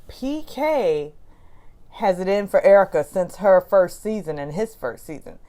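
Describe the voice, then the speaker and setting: A woman hosting a casual reality TV recap with a chatty, gossipy manner. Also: medium pitch. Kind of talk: casual commentary.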